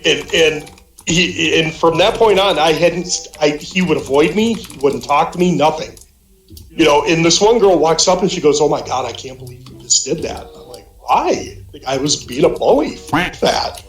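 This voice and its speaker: Man in his fifties, from Minnesota, animated swearing storyteller, fairly high voice, echoey call audio, faint music behind. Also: normal speed. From Minnesota, USA. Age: 50s. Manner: animated, profane storyteller who acts out quotes. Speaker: guest, a friend's dad on a call.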